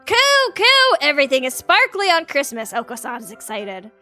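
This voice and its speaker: A woman voicing a hyperactive, silly male pigeon who coos and blurts out excited lines from a visual novel. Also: high voice, normal speed, faint music behind, heavily acted. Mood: giddy. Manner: cooing, excitable. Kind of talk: reading visual novel dialogue aloud.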